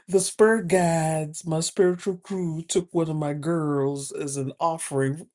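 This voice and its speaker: A woman's voice: sits low, steady tone, a little slow, a little mellow. A woman giving spiritual advice in a playful, humorous monologue, laughing often between her phrases. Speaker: spiritual advisor.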